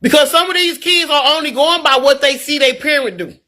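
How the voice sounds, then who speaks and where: A woman's voice: sits high, fairly quick, sharp tone. A middle-aged woman talking candidly on a live stream, earnest and preachy, repeating words as she gets worked up. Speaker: livestreamer reading viewer comments.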